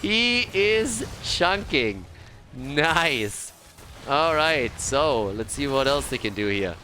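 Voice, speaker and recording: A man casting an esports match play-by-play, excitable and laughing often, with casual swearing. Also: mid-range voice, slow, a little hiss or hum. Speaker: esports caster. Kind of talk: play-by-play commentary.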